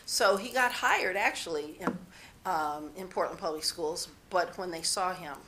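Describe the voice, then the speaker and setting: A woman's voice: fairly low pitch, measured pace, pushed and bright, slight background noise. A woman being interviewed, telling personal stories in a rambling, candid way and often restarting her sentences. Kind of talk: personal storytelling.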